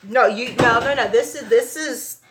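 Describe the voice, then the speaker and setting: A woman drops in on a friend's live craft stream and chats casually, making fun of her own clumsy efforts. Her voice sits high, with faint noise behind her. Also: normal speed, fairly bright tone. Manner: self-deprecating, laughs it off. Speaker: visiting friend. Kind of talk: casual chat.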